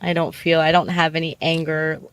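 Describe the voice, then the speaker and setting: A woman's voice: low-pitched, little pitch movement, normal speed, clean tone, no echo. A middle-aged woman, a podcast guest, giving reflective, earnest advice in a candid interview, with many fillers.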